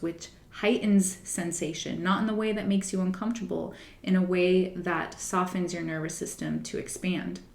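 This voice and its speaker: Female wellness podcast host, soft and reflective, a bit low in pitch, recorded in a roomy space. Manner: soft, unhurried, reflective with fillers. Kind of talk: spiritual wellness talk. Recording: roomy echo.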